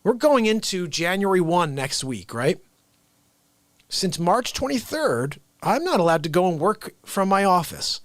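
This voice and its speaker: Male comedy host, ranting with exasperation, lively swinging pitch, dry close sound. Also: a little slow, dry recording. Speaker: live show host. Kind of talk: satirical comedy rant.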